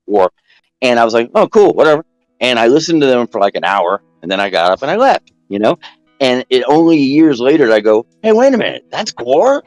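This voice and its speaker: A man telling a long story in casual chat, rambling and animated, jumping up in pitch when he quotes people. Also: dry recording, low-quality recording.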